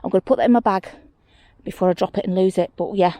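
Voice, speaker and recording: A woman chats her way across an outdoor hillside. She talks half to herself and half to the viewer, and she gets easily excited over little things she spots. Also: mid-range voice, fast. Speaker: mudlarking vlogger. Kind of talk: casual running commentary while searching. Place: outdoors on a hillside rubbish tip.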